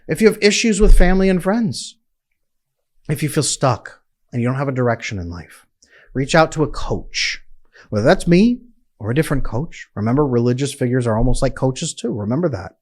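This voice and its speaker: A man's voice: mid-range voice, lively intonation, brisk. A man speaking as a relationship coach in a direct, emphatic, persuasive monologue to his viewers.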